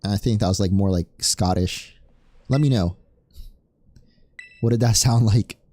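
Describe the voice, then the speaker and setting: A man's voice: on the low side, measured pace, warm tone, no room sound. A young man from Spain giving casual, jokey commentary on his video game playthrough and cheering at the screen. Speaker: streamer playing a game. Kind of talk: casual let's play commentary.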